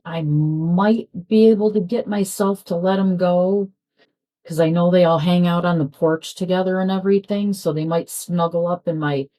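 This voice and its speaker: Woman, casual home chat, rambling, low voice, warm and relaxed. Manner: rambling, chatty, trails off mid-sentence. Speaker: crafting vlogger. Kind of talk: casual chat while diamond painting.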